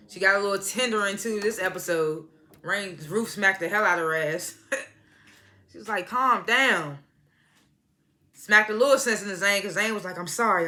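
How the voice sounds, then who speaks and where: A woman's voice: mid-range voice, bright, forceful tone. A woman chatting through a recap of a TV episode, retelling the scenes in quoted voices and laughing often. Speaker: TV show reviewer. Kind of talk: casual recap and review.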